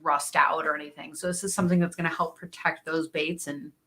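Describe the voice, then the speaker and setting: A woman's voice: sits low, steady tone, fairly quick, a bit bright. A woman co-hosting a casual fishing talk show, rambling with plenty of ums and you-knows. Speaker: fishing podcast co-host. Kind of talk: casual chat.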